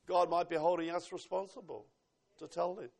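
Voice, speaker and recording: High-voiced New man preaching. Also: fairly even intonation, moderate pace, gravelly, darkish tone. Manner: emphatic, quotes scripture, asks the congregation questions. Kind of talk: sermon.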